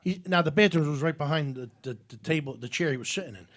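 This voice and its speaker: A man hosting a casual chat, rambling through an anecdote with halting fillers. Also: fairly high pitch. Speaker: host.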